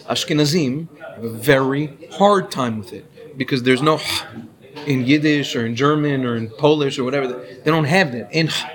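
A Torah teacher gives a classroom lecture on Hebrew pronunciation, explaining points and quizzing his students along the way. His voice sits in the mid range, with a fairly bright tone and a normal speaking speed.

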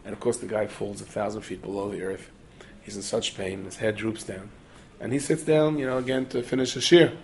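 A man telling a Torah story in the manner of a sermon, animated and studded with Yiddish and Hebrew terms, acting out the characters. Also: on the low side, brisk, creaky, slight background noise.

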